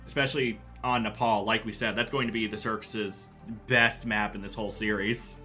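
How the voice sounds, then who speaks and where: A man's voice: fairly low pitch, fairly even intonation, normal speed, pushed and bright, faint music behind. A man casting an esports match and hosting the stream, talking casually and bluntly and swearing freely. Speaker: esports caster and stream host. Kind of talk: live esports casting banter.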